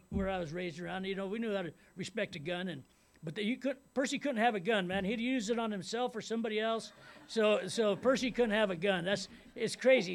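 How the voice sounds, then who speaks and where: Gravelly, high-voiced middle-aged man telling his story. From Ventura County, California. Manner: rambling storyteller, repeats words, often says "you know what I mean". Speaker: speaker sharing his recovery story. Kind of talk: personal testimony.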